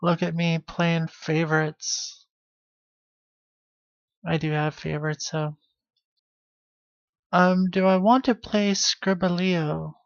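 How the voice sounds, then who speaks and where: Guy streaming live, talks slow and rambly, kinda dull lo-fi mic, dry sound. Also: on the high side, flat delivery, gravelly, no echo. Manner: rambling, offhand, half-finished sentences. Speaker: livestreamer. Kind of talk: casual live-stream chat.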